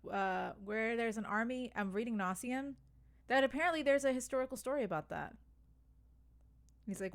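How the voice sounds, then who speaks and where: A woman co-hosting a casual podcast, gushing excitedly and acting out lines from films. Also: medium pitch. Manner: excitable, gushing, acts out quotes. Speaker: podcast co-host.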